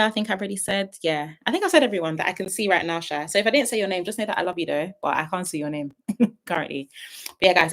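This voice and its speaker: A young woman streaming live late at night, praying earnestly and then thanking her viewers, close to tears and repeating herself. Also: medium pitch. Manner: earnest and heartfelt, repeating phrases. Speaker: YouTube reality-show reviewer.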